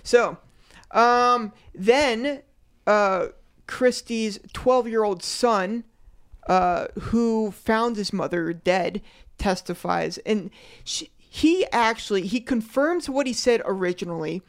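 Woman host, gravelly fry, chatty true-crime storyteller. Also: a little high, takes it slowly. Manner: rambling, laughs often, many fillers. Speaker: podcast host. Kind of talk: casual true-crime podcast chat.

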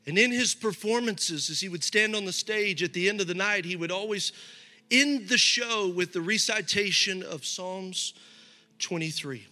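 A man's voice: high-pitched, normal speed, bright, forceful tone. A middle-aged man preaching a sermon as a pastor, talking in a loose, conversational way with frequent restarts. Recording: hall reverb with faint music.

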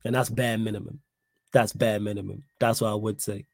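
A young man hosting a casual live-stream podcast, talking in an animated, slangy way and repeating his points for emphasis. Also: lowish voice, fairly quick, creaky, no room sound, studio quality. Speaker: podcast host reading live chat.

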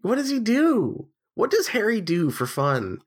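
A man's voice: unhurried, slightly rough. A man co-hosting a podcast, sounding nasal with the flu, chatting in a wry, sweary way. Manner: wry, sweary, lively pitch swings. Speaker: podcast co-host. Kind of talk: casual chat.

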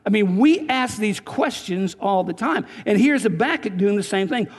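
High-voiced preacher in echoing church. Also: male voice, expressive, normal speed, husky. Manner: earnest preaching with repeated words and restarts. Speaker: pastor. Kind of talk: sermon. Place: church sanctuary. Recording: church sanctuary with long reverb.

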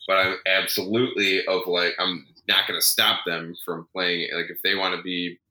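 A man's voice: deep voice, flat delivery, normal speed, sharp tone, rough recording. A man in his thirties co-hosting a casual podcast, talking about his kids in a rambling, tired way. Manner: rambling, self-correcting, tired. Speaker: podcast co-host. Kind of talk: casual chat.

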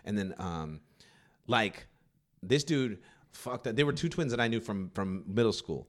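Animated man telling a story. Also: on the low side, a little slow. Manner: animated, acts out quotes with swearing and laughter. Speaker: podcast co-host, stand-up comic. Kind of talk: casual storytelling chat.

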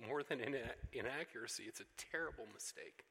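A male pastor delivers a sermon in a bright, sharp-edged voice. He is animated, acting out the voices of people in the story and rising to emphatic runs. A long reverb trails every phrase, as in a large church hall. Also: mid-range voice, fairly quick, creaky, breathy edge.

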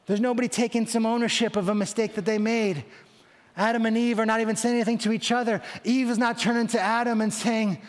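A man's voice: extremely high pitch, flat delivery, fast. A man preaching a sermon and retelling a story with dramatic voicing of its characters. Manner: dramatic, voicing biblical figures in quotes. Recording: long reverb of a large hall.

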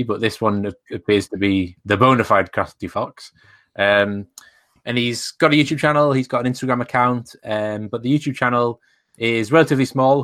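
A low-voiced man chats as a podcast co-host, relaxed and halting, with plenty of pauses and fillers. The sound is dry and close, with no room echo. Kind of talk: casual chat.

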